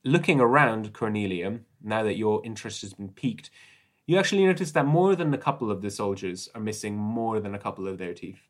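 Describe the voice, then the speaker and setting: A man narrating as game master of a tabletop role-playing game, relaxed and chatty with many fillers. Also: on the low side, brisk.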